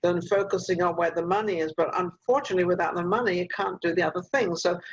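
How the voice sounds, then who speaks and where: A woman's voice: on the low side, fairly even intonation, quick pace, breathy edge, muffled recording. An older woman hosting a talk show over a video call, giving rambling, motherly advice with lots of fillers. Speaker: host.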